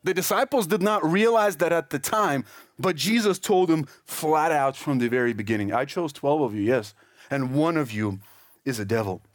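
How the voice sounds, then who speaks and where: A man's voice: fairly high pitch, animated, no room sound, clean studio sound. Emphatic preacher, a man with a raised voice. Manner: emphatic, slows down to stress scripture phrases. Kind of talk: sermon.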